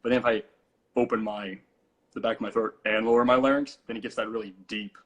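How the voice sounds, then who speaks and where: Young male vocal coach, casual teacher with lots of ums, bright edge, a little husky. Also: medium pitch, fairly even intonation, fast talker, poor audio. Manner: explains with demonstrations, many fillers.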